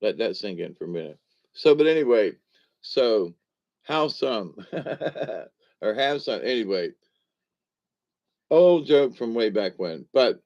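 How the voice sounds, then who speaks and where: Slow, rambling older man. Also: fairly low pitch, big pitch swings, gravelly, a little mellow. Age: 60s. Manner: folksy, meandering, digressive. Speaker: vlogger. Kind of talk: rambling casual monologue. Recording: dull lo-fi recording.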